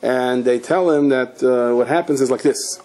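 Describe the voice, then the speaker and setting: A man, a rabbi, giving a Torah lecture as an animated storyteller who acts out the characters with sudden high-pitched outbursts. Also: moderate pace.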